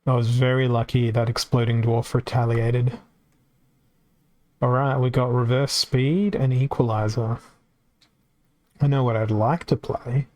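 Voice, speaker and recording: A man's voice: mid-range voice, steady tone, measured pace, pauses often, a little mellow. A man with an Australian accent giving casual live-stream commentary on a card game, chatty and reacting aloud as it plays out.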